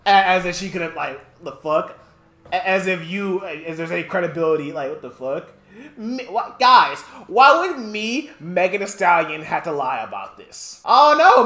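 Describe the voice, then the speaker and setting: Animated ranting streamer in a roomy space. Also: mid-range voice. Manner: animated profane ranting, talks to chat. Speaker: streamer reacting to news. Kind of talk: live reaction commentary. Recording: roomy echo.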